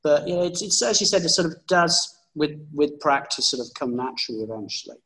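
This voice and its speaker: A male podcast host asks long, meandering questions, often stopping on filler words along the way. His delivery stays relaxed and conversational. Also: fairly high pitch, a little fast, low-quality recording. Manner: rambling, filler-heavy questions. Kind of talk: casual interview chat.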